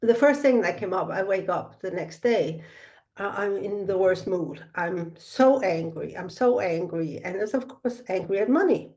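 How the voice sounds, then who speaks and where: Middle-aged woman, soft meandering spiritual storytelling, lots of ums. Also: medium pitch, expressive, moderate pace. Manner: soft-spoken, meandering, with frequent fillers. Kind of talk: reflective personal storytelling.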